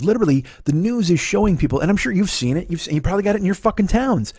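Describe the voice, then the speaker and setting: A man in his forties is telling a comic story, swearing freely and working himself into a rant as he goes. His voice sits a little high for a man. The recording is close and dry. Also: animated, racing, few pauses, husky, no echo. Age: 40s. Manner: profane, ranting retelling with shouted quotes. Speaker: comedian. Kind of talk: storytelling monologue.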